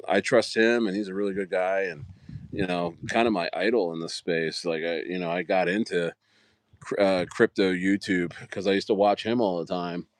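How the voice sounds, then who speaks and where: A man's voice: low-pitched, dry recording. A man hosting a casual livestream, chatting in a rambling way with lots of fillers and restarts. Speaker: livestream host.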